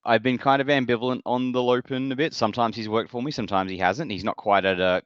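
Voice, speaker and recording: A man's voice: mid-range voice, steady tone, quick pace, no room sound, highs cut off. A man co-hosting a podcast, chatting casually in a rambling way that corrects itself as he goes. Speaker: podcast co-host. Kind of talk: casual chat.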